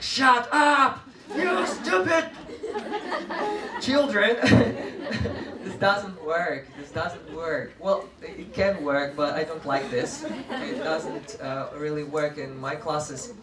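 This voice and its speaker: Animated man in a hall, heard from afar. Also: a little high, unhurried, a crowd in the background. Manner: animated, often laughing, leads group chants. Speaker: teacher trainer presenting a workshop. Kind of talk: lively workshop talk. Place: large room with a live audience. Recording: echoey room, far from mic, audience noise.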